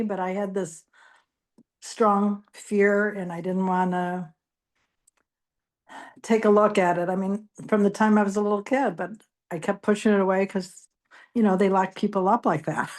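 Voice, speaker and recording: A woman's voice: mid-range voice, darkish tone. A middle-aged woman guest giving a candid personal testimony and laughing at herself.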